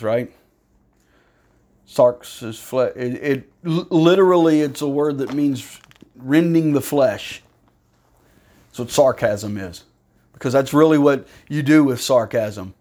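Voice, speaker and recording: A man's voice: medium pitch, darkish tone. A man preaching a sermon, firing rhetorical questions and slipping into sarcastic mock praise.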